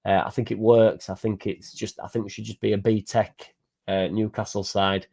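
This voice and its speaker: Young male fan-channel host; excitable, rambling banter with plenty of swearing. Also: fairly low pitch, moderate pace, creaky. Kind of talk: casual live-stream chat reading viewer comments.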